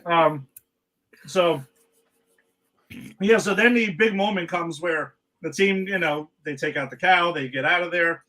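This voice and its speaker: Podcast host guy going over the plot, bright voice, says you know a lot. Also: on the high side, measured pace, long pauses, low-quality recording. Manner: recapping plot, relaxed and chatty, says "you know" often. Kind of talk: casual chat.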